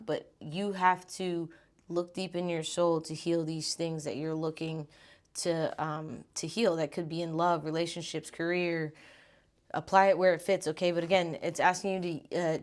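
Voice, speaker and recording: A woman's voice: low-pitched, a little mellow. A young woman giving a casual, chatty tarot reading, informal and a bit breathless, swearing now and then. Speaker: tarot reader.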